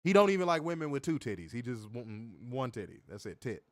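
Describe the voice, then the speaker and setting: Guy, mid-pitched, swears a lot, lively recap host on a dry close mic. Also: quick pace, no echo. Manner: profane, animated, reads viewer comments aloud. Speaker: podcast co-host. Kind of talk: casual wrestling review chat.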